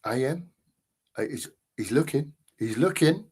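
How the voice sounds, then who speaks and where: A man's voice: medium pitch, expressive, a little slow, breathy edge. A middle-aged man hosting a casual live football stream, reading out chat and greeting viewers in a matey way.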